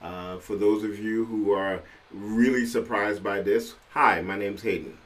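A man from Trinidad hosting a podcast, talking in an animated, conversational way and often laughing. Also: on the low side, a little slow. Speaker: podcast host. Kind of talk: casual solo commentary. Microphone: podcast microphone.

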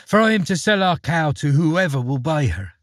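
A man voicing a polite, quick-witted young boy who speaks brightly and eagerly in a storybook reading. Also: on the high side, big pitch swings, dry recording, clean studio sound.

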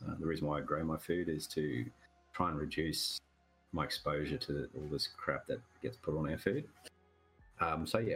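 Very deep-voiced joking man. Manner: joking, rambling storyteller. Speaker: podcast co-host. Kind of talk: casual chat.

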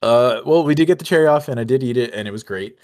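A young man co-hosting a podcast, telling a story in casual chat with animated energy, frequent laughs and casual swearing. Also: mid-range voice, fast. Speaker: podcast co-host.

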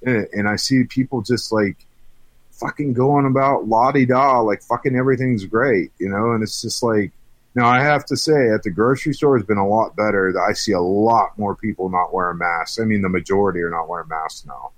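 Frustrated man, profane rant, low voice, dead-dry mic. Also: normal speed, no echo. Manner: heated, profane, frequent restarts. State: frustrated, on edge. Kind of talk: angry political rant.

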